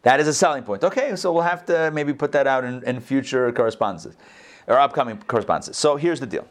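A man giving an informal Torah class, animated, repeating phrases and answering his own questions. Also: medium pitch, fast talker. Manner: coughs, gets excited.

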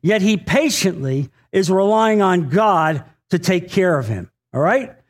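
A male pastor with a noticeably high voice for a man delivers a sermon. He talks earnestly and directly to his congregation, often repeating a phrase for weight and pausing on small fillers. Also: expressive. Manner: addresses the congregation directly, asks for an amen.

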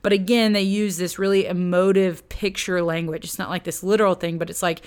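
A woman teaching the Bible in a casual, conversational way, with slangy asides and lively retellings. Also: fairly low pitch, fairly quick, clear, resonant tone.

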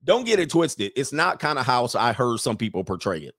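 A man hosting a live stream in casual, slangy commentary, animated, laughing often and mocking people in put-on voices. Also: mid-range voice, normal speed, husky, no room sound, clean studio sound. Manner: laughs often mid-sentence.

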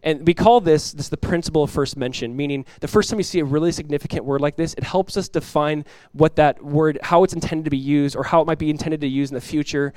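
Animated preaching man with a dry sound. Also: fairly high pitch, quick pace, hardly any pauses, dry recording. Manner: animated preaching, acts out quoted voices, laughs. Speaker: pastor. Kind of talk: sermon. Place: church.

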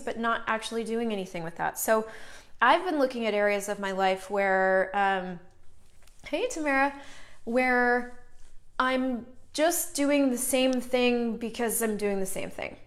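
A woman's voice: on the high side, a little slow. Chatty woman hosting a live stream. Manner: chatty and animated, greets viewers mid-sentence; swears casually, emphatic. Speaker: host of a live online show, facilitator. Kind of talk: casual live-stream talk to viewers.

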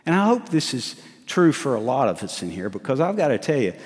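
A middle-aged male pastor preaches in a lively, swooping voice, asking the room questions and poking fun at himself. His voice sits at an ordinary pitch and carries a long reverb from a church sanctuary. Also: brisk. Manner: animated preacher, asks the congregation questions, laughs at himself. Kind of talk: sermon.

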